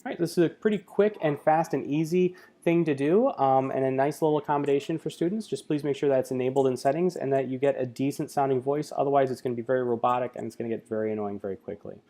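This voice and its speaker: Speaking fast with few pauses, a tech coach records a laid-back screen tutorial full of fillers. His voice is mid-range and mellow, and his explaining stays casual throughout.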